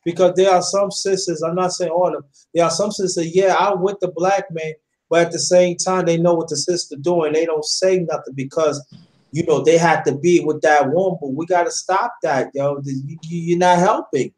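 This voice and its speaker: A man's voice: on the high side, fairly even intonation, normal speed, darkish tone. A man hosting a casual chat, talking with passion and addressing listeners directly, often repeating himself. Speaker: host.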